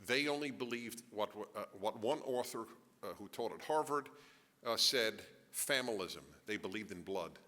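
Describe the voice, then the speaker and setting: A middle-aged man giving a lecture to a live audience, animated, joking in asides and firing off rhetorical questions. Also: fairly low pitch, normal speed. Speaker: author giving a talk. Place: large event hall. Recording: long hall reverb.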